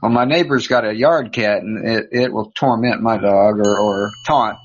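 A man's voice: fairly low pitch, normal speed, lo-fi sound, slight background noise. A middle-aged American man telling dry, hesitant stories in casual podcast chat over an online call. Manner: laid-back, dry storytelling with hesitations.

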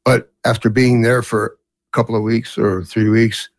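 A man's voice: medium pitch, level tone, moderate pace, no echo. A man in his seventies who grew up in Canada, telling family stories as an interview guest in a rambling way with many fillers. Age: 70s. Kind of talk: storytelling in a casual interview.

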